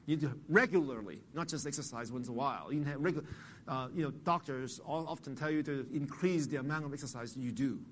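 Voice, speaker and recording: A man's voice: medium pitch, fast talker, fairly bright tone, a little hiss or hum. A man preaching an expository sermon in an earnest, teaching manner, often repeating and restarting words and putting questions to the listeners. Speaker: pastor.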